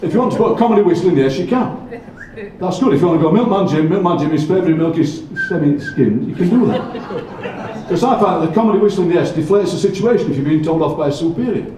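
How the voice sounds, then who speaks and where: An older man performing for a live audience as a poet, with playful, deadpan, self-mocking stage patter. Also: high-pitched, racing, crowd noise. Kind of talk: comic stage patter leading a singalong. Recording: echoey hall from far off with audience.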